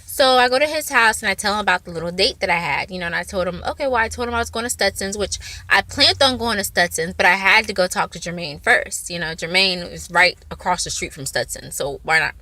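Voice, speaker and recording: A woman's voice: mid-range voice, fast, few pauses, no room sound. A woman vlogger telling a personal story in a rambling, casual way, full of fillers. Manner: rambling, filler-heavy, animated retelling.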